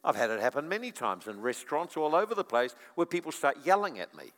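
Man, preacher, sermon, animated storytelling, chuckling asides, high voice, long hall echo. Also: fast. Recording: long reverb of a large hall.

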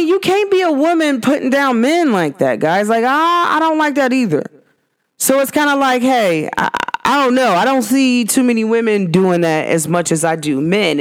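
Woman, casual podcast host, lively venting monologue. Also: mid-range voice. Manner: animated, venting, retelling arguments with quoted back-and-forth.

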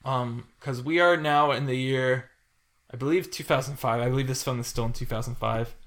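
Excitable young man with a bright voice. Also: mid-range voice. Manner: animated, rambling, quick to laugh. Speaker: podcast co-host. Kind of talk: casual film podcast chat.

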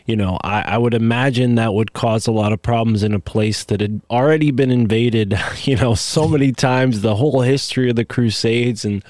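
A man's voice: mid-range voice, moderate pace, few pauses, darkish tone, dry recording. A man hosting a podcast, chatting casually and rambling through tangents with many asides. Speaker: podcast host. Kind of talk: casual conversation.

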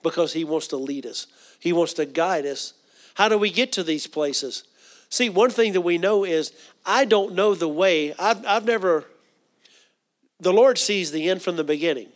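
Man preaching a sermon, slightly high voice. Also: normal speed. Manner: repeats words, asks the congregation questions. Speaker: pastor.

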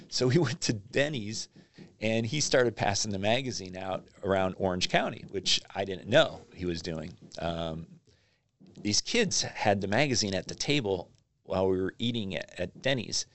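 This man speaks on the low side at a normal speed. A magazine publisher appearing as a podcast guest, he casually tells stories in an interview, animatedly acting out what people said.

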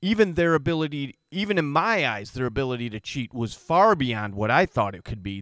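A man's voice: medium pitch, lively intonation, brisk, few pauses, a bit bright, no echo, studio quality. A man giving emphatic, opinionated political commentary.

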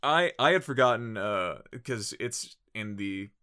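Low-voiced man rambling on a podcast. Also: lively intonation, measured pace, pushed and bright, clean tone. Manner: rambling, filler-heavy recap with frequent restarts. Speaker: podcast co-host. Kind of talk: casual podcast chat.

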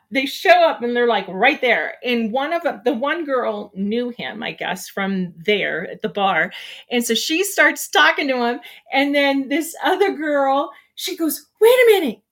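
A middle-aged woman hosting a relaxed morning show, telling stories in a casual, animated way. She laughs often and squeals when something excites her. Her voice sits a little high. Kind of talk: casual chat.

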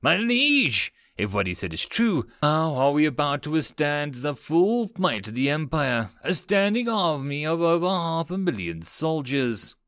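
A loyal officer, anxious and formal, fretting over an enemy army, as a male narrator puts him on. His voice lifts high and lively, close and dry. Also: unhurried, hardly any pauses, smooth, no room sound. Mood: worried.

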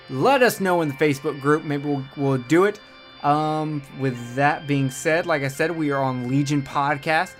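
A man hosting a horror podcast, wrapping up with casual, rambling and crude joking talk. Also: fairly high pitch. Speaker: podcast host. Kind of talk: casual podcast outro chat.

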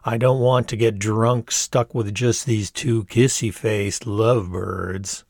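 A pushy young male backpacker, as a narrator voices him, insistent and ribbing as he ropes his friend into plans. The voice is lowish and dry, recorded close with no room sound. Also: fairly even intonation, slow pace, vocal fry, a little mellow, no echo, heavily acted.

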